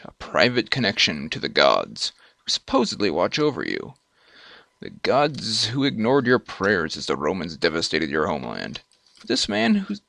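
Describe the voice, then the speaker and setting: A man hosting a let's play, reading the game's text aloud and adding wry, animated asides. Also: lowish voice, creaky, dry recording.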